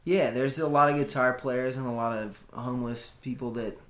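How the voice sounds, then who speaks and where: A man's voice: medium pitch, steady tone, moderate pace, fairly bright tone, echoey room. A man from California chatting casually as a guest, hesitant with frequent restarts and easy laughs. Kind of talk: casual chat.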